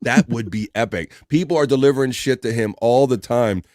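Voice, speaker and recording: A man's voice: mid-range voice, fairly quick, a little mellow, no echo, clean studio sound. Laid-back rambling male stream host. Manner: rambling and laid-back, lots of fillers and chuckles. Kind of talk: casual chat.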